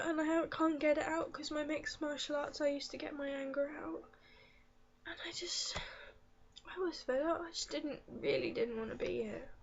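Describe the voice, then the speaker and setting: A teenage girl talks slowly and softly in a confessional vlog, her high voice halting and often dropping to a tearful whisper. The sound is muffled and lo-fi. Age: teens. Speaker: vlogger.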